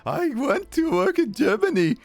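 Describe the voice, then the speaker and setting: A shrill manic mad scientist. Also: male voice, sing-song, normal speed, gravelly, no room sound, heavily acted. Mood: boastful. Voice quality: squeaky high-pitched put-on voice. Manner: shouting triumphantly, overexcited. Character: excitable eccentric male scientist, shrill and manic. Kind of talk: reading a game's dialogue aloud on a livestream.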